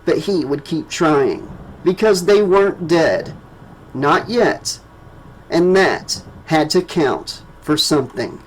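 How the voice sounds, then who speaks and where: A male audiobook narrator with a slightly raised voice reads in a slow, measured and dramatic way. A faint hum of ambience runs behind him. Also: a little high, expressive, low-quality recording. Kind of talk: scripted narration.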